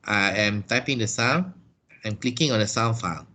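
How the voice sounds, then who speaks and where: A man's voice: lowish voice, moderate pace, sharp tone. A man teaching an online English lesson over a video call, explaining patiently and checking in with "yeah?".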